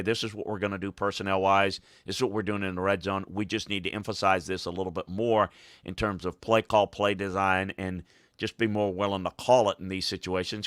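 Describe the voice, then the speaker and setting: A man's voice: sits low, a bit bright, no room sound, clean studio sound. A man talking football as a coach on a podcast, emphatic and hammering points home by repeating phrases. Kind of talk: casual podcast talk.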